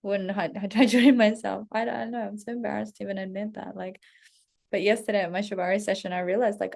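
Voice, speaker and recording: A woman's voice: medium pitch, level tone, a little fast, gravelly, darkish tone. A woman in her thirties, a self-development coach, telling a personal story to her followers in a candid, casual way, with plenty of swearing and acted-out self-talk.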